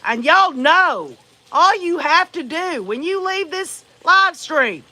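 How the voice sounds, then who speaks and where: A woman's voice: extremely high pitch, expressive, takes it slowly, pushed and bright. A woman hosting a livestream, giving blunt, profane, emphatic commentary and talking straight to her viewers. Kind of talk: casual true-crime commentary.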